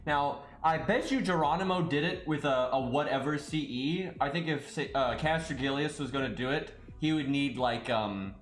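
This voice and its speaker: A man's voice: a little high, normal speed, hardly any pauses, reverberant. A man streaming a game live, thinking aloud in loose casual chat and swearing now and then. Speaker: streamer playing a mobile game. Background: faint game music.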